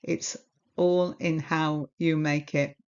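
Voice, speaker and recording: A woman's voice: sits low, fairly even intonation, takes it slowly, a little mellow, smooth. A woman presenting a history talk about tea to her channel viewers, chatty and enthusiastic in her storytelling. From Britain. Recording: dull lo-fi sound.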